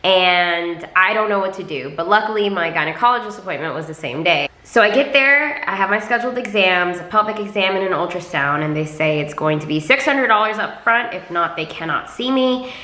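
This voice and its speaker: A woman's voice: medium pitch, lively intonation, fairly quick, pushed and bright. A young woman vlogger telling a personal story to camera in a candid, chatty way, with lots of filler words. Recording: echoey room.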